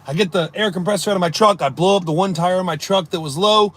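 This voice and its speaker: A man's voice: sits high, fast, a bit bright, no echo. A man telling a long story on a casual live stream, acting out his own thoughts as he rambles through it. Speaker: livestreamer reading chat.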